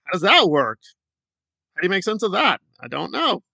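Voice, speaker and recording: A man's voice: sits high, very animated, normal speed, creaky, bright, forceful tone, dry recording. A man hosting a commentary video, ranting in a sarcastic, exasperated way. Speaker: commentary channel host.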